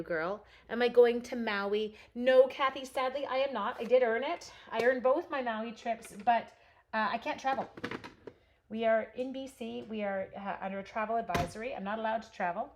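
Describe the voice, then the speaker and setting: A woman's voice: fairly high pitch, normal speed. A woman hosting a live craft demonstration. She chats casually with her viewers as she works and answers their comments. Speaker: host demonstrating card stamping. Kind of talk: live craft demo with chat.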